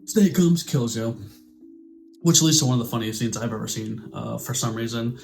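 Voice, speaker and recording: A man talks through a movie review in a loose, conversational way. He keeps slipping into quick impressions of the characters, and he swears casually as he goes. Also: medium pitch, vocal fry, faint music behind. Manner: animated, acts out characters' lines in quick impressions.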